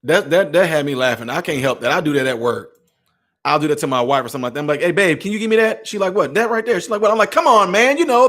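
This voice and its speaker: An animated male vlogger delivering a sarcastic commentary rant in a fairly high voice. He stammers and restarts often, shifting between loud and soft.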